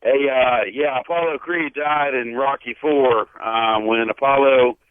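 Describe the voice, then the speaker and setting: A man's voice: mid-range voice, fairly even intonation, unhurried, clean tone. A man calling in to a radio show and chatting casually. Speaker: caller. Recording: tinny phone line.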